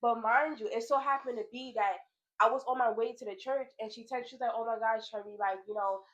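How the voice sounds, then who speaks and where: Casting: young woman vlogger, fairly high voice, lively storyteller, relaxed home chat, fillers and laughs. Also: brisk, muffled recording. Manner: animated storytelling, laughs often, many "like"s. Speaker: vlogger, big sister. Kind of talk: casual heart-to-heart chat. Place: home, pajama night.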